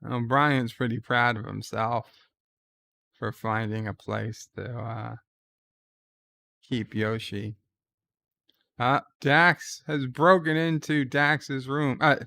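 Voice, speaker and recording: A man's voice: mid-range voice, slow, gravelly, long pauses, pushed and bright, no echo. A man casually recapping a TV episode in a conversational way and retelling its scenes. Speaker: show commentator.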